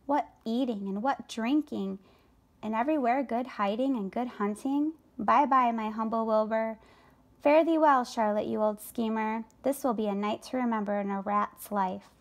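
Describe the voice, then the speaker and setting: A woman's voice: on the high side, moderate pace, darkish tone. A woman doing a sneering greedy rat. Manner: sneering, brash.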